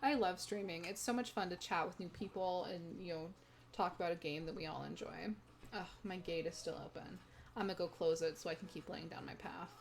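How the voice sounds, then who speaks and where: A woman's voice: on the low side, a little fast, vocal fry, a little hiss or hum. A young woman chatting casually to her viewers while streaming a game from home, laughing often. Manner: giggly, chatty, talks to chat. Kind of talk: casual gaming stream chat. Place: home room.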